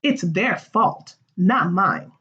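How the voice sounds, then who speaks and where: A woman's voice: medium pitch, lively intonation, drawn-out words, pushed and bright, breathy edge, pitched below the performer's own voice, full character voice. A woman reading the lines of a defensive, greedy colonial merchant in a school play, in a slightly muffled recording.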